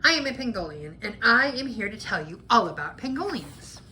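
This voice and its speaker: A woman's voice: medium pitch, sing-song, brisk, sharp tone. A woman voicing a chatty pangolin who patiently explains and corrects everyone, reading a storybook aloud. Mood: explaining. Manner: explains and corrects others firmly.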